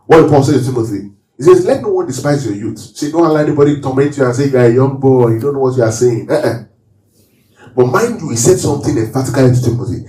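A pastor preaches a sermon, guiding his congregation through call-and-response Bible reading and teaching from the verses. His medium-pitched voice is animated, quick and warm. It was recorded in a roomy hall, and he sounds far from the mic.

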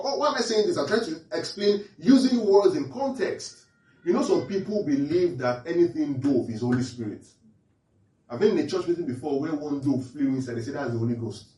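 Male preacher, fairly high and lively pitch, keeps checking if the room follows, recorded echoey and from a distance. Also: a little fast. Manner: quizzes listeners with repeated questions, animated. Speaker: pastor. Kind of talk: interactive Bible teaching sermon.

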